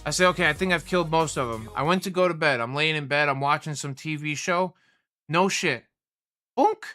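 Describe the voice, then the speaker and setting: A man's voice: a little high, fairly quick, sharp tone, faint music behind. Fired-up, swearing young man ranting. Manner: profane, heated and rambling. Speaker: livestream host. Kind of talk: casual livestream rant.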